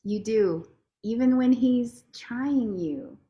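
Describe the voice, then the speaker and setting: A woman lawyer giving a heartfelt, expressive personal testimony as a podcast guest. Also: on the high side, slow, highs cut off. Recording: roomy echo.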